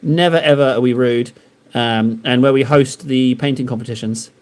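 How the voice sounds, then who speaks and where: A man's voice: mid-range voice, steady tone, normal speed. A man streaming live while painting miniatures, chatting casually and joking in a rambling, self-deprecating way with his viewers. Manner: rambling, joking banter with chat.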